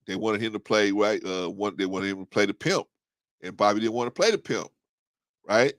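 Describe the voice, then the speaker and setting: A man hosting a casual live stream, chatting loosely with viewers, laughing often and slipping into high-pitched movie quotes. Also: normal speed, fairly bright tone, no room sound, studio quality. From United States.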